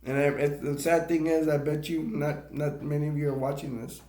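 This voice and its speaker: A man's voice: on the high side, flat delivery, brisk, few pauses. A man rambling emotionally through tears in a live stream monologue, repeating himself as he talks. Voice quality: gravelly. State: crying. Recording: echoey room.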